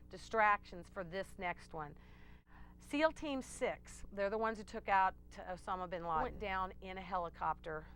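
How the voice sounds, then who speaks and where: Lady host chatting on a call-in show, lowish voice, bit rambly, faint hum behind. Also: a bit bright. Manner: rambling with many fillers. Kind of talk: casual call-in talk.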